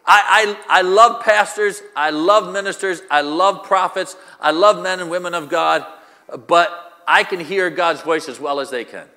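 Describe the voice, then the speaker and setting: Man, pastor, sermon, high bright voice, echoey hall reverb. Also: moderate pace. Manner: preaching with rhetorical questions and repetition.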